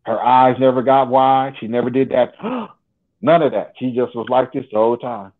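A man's voice: medium pitch, steady tone, a little fast. A man telling a story in an interview, acting out what people said, with jokes and swearing. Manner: acts out quoted dialogue, jokes and swears. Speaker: interview guest. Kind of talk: animated storytelling. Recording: phone-like line.

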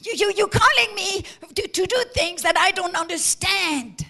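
A woman's voice: very high voice, normal speed, creaky, bright, forceful tone, full character voice. A woman voicing a doubting male apostle who stammers as he pleads with rising emphasis. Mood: perplexed pleading.

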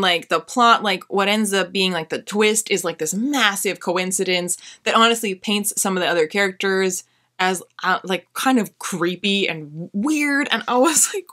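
A woman's voice: on the low side, sharp tone. A young woman giving a sarcastic, exasperated book review, filled with "like" and acted-out reactions. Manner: exasperated, sarcastic, heavy use of "like"; acts out her own reactions in quoted asides. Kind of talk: ranting book review vlog.

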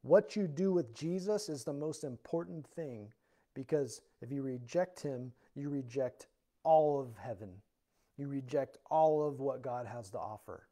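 A man pastor giving a verse-by-verse Bible teaching in church, earnest and explanatory, rising loud when reading scripture aloud. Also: medium pitch.

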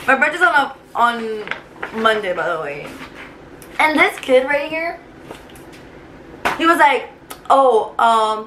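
Young woman vlogger, higher voice, rambling emotional chat with lots of fillers, light noise behind. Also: very animated, measured pace, long pauses, a bit bright. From Cuba. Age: 20s. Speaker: vlogger, teacher. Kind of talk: casual chat to camera. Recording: faint background noise.

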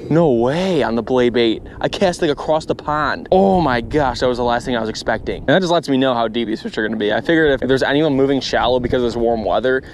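A man of about twenty, a fishing vlogger, chatting casually outdoors by a pond in a joking, rambling way that turns excitable. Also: medium pitch, quick pace, hardly any pauses, a little hiss or hum. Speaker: bass fishing YouTuber. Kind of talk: casual vlog chat.

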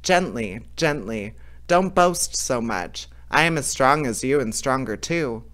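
A man reading as a fearless young hero from an old fairy tale, cheerful and cocky, never rattled by anything. The voice is smooth and clear, at an ordinary middle pitch. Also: animated, a little slow, a bit bright. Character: bold fearless young man who cannot shudder. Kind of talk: storybook reading.

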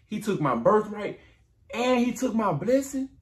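A man's voice: big pitch swings, a little slow. A man voicing a desperate young man in a spoken story, pleading with his father in a whiny voice. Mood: pleading upset. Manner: whiny, pleading, high-pitched.

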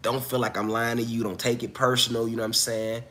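A man's voice: medium pitch, little pitch movement, fast, a bit bright. A man hosting a casual livestream, coughing as he recovers from an illness, talking loosely and profanely straight to his viewers. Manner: loose, profane, chatty, addresses viewers directly. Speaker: livestream host.

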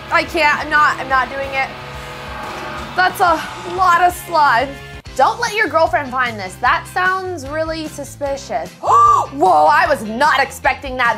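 A woman hosting a reaction video, talking casually and breaking into excited shrieks. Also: sits high. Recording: music playing underneath. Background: background music.

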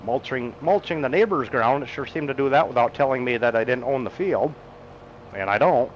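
A man's voice: medium pitch, brisk, highs cut off, a little hiss or hum. Easygoing middle-aged man narrating his gameplay. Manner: chatty, easygoing, chuckles often, talks to himself as he plays. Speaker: game streamer. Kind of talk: casual gameplay commentary while reading chat.

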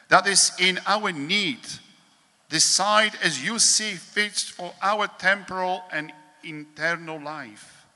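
In a large hall, a male priest delivers a devotional meditation with slow, measured solemnity and frequent pauses. His voice is high and sharp in tone.

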